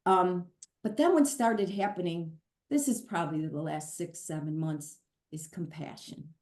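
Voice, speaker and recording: A middle-aged woman, a pastor, telling her story in a candid, earnest conversation, animated and open. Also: lowish voice, a little slow. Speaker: pastor and guest. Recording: roomy echo.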